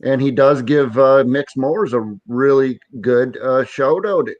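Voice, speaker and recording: A man co-hosting a casual live stream chat, animated and quick to laugh. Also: mid-range voice, no echo, highs cut off.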